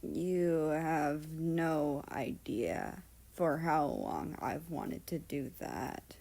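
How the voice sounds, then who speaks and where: A woman's voice: sits low, animated, creaky, heavily acted. A woman voicing a slurring, lovestruck drunk young man. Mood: tipsy tender. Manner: slurring, slow and hushed.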